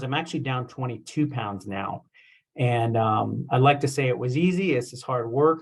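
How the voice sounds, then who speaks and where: Young guy chiropractor rambling thru a funny story, lots of likes and ums, mid pitch. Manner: chatty, self-deprecating, lots of fillers. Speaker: chiropractor giving a health talk. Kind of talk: casual storytelling talk. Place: presentation with slides.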